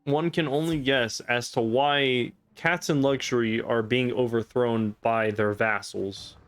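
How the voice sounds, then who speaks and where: A man's voice: mid-range voice, fairly even intonation, unhurried, no echo. Sardonic young man commenting on gameplay. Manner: sardonic, swears, mocks the story. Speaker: let's play host. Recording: faint background game music.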